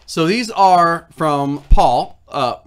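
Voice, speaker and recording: A man's voice: a little high, lively intonation, very slow, clear, resonant tone. A man hosting a snack-tasting livestream, rambling and reading product labels aloud in casual chat. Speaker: food review livestream host.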